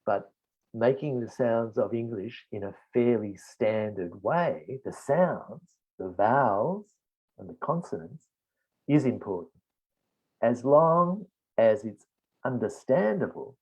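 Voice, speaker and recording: A middle-aged man with an Australian accent, answering test questions in a teaching webinar and explaining slowly with strong emphasis. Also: on the low side, animated, darkish tone, slightly rough. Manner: slow, deliberate explanation with emphatic stresses. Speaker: IELTS expert answering questions. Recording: dull lo-fi webinar audio.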